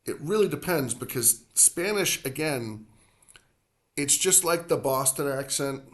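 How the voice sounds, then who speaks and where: A man's voice: medium pitch, expressive, fairly bright tone. Chatty man teaching Spanish. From United States. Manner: chatty and digressive, slows to spell out words. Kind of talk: casual language lesson.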